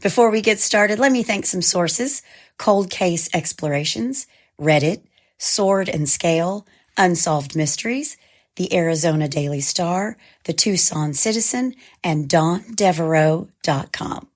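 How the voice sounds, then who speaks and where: A woman with a hoarse voice from a cold, co-hosting and narrating a true crime podcast in a measured, scripted way. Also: on the low side. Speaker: podcast co-host.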